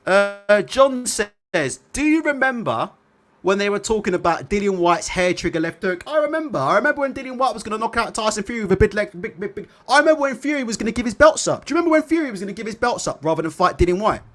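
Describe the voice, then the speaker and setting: Guy chatting on a livestream, high voice, swings up and down a lot. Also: fast. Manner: animated, repeats tag questions. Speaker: boxing livestream host. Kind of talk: casual livestream chat reading comments.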